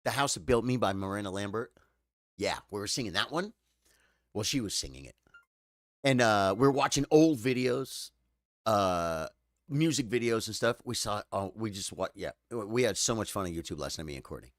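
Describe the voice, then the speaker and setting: Man, low-pitched voice, tired, choked up, halting, repeats words, casual live-stream chat, dry sound. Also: animated, no room sound. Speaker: streamer chatting with viewers.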